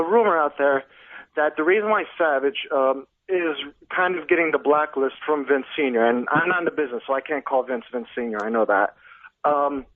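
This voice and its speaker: A male caller with a slightly higher voice asks his question formally, stumbling over pauses. He comes through a tinny phone line, dry and narrow. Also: no room sound. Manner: hesitant and formal, many "uh"s. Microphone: telephone.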